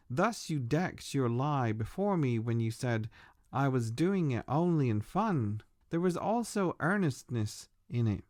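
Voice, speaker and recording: A man's voice: mid-range voice, darkish tone, no room sound, studio quality. A man reading as a stern prophet-sage. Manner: severe, lecturing.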